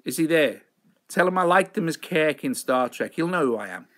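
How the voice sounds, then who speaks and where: A man's voice: on the high side, animated, normal speed, fairly bright tone, a little hiss or hum. A man hosting a live show, chatting in a rambling, self-mocking way. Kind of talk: casual live-stream chat.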